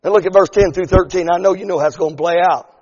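A middle-aged pastor preaches to his congregation in a high, ringing voice. His lines swell into shouts and stretch out slowly at the peaks. The sanctuary adds a long reverb tail to every word. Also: slightly rough, dull audio. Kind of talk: sermon. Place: church sanctuary.

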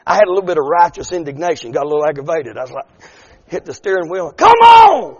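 A middle-aged pastor preaches to his congregation in a high, ringing voice. His lines swell into shouts and stretch out slowly at the peaks. The sanctuary adds a long reverb tail to every word. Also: lo-fi sound. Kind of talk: sermon. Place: church sanctuary.

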